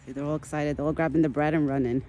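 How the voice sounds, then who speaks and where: A woman's voice: sits low, steady tone, racing, warm tone, muffled recording, slight background noise. A woman vlogging outdoors in a foggy forest, chatting casually and talking to a deer in affectionate pet talk. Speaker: vlogger feeding a wild deer. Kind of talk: casual outdoor chat to camera and to an animal.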